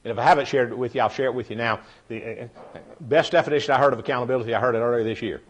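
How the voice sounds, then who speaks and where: A man's voice: medium pitch, steady tone, racing. A middle-aged man leading a leadership workshop, telling homey stories and repeating key phrases for emphasis. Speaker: leadership trainer.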